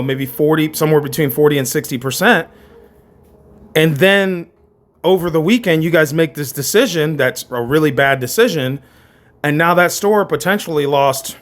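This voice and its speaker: Fired-up man ranting on his channel. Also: a little high. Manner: impassioned, repetitive, stammering restarts. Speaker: commentary channel host. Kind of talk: opinionated commentary rant.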